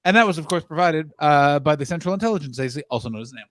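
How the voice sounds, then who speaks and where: A man hosting a casual comedy podcast, teasing his guests and quick to laugh. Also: a little high, animated. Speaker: podcast host.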